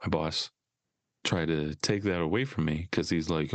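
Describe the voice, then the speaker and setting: A man's voice: low voice, unhurried, no echo. A man co-hosting a casual podcast, teasing and chatting playfully. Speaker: co-host.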